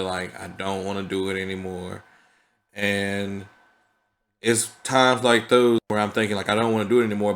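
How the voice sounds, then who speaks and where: A man's voice: lowish voice, fairly bright tone. Earnest man in a reflective vlog. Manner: earnest and conversational, peppered with "you know what I mean". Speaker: vlogger. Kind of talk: reflective casual vlog talk.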